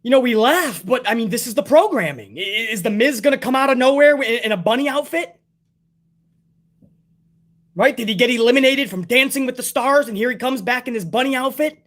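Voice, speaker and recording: A man's voice: very high-pitched, a little fast, a bit bright. A man reviewing a wrestling show in a casual, profane, exasperated rant full of sarcasm.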